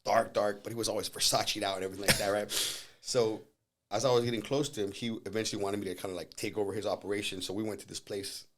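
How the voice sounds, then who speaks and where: Guest voice: quick, animated male storyteller, profane, does the voices of the people in his stories. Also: lowish voice, heavy background noise. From Southern California. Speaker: podcast guest, jiu-jitsu instructor. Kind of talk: casual storytelling. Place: podcast studio.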